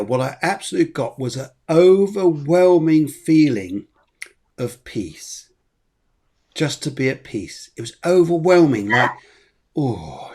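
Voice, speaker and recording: A man hosting and working as a medium, speaking softly and with enthusiasm, often repeating himself, during a live spiritual reading. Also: mid-range voice. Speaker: medium and show host.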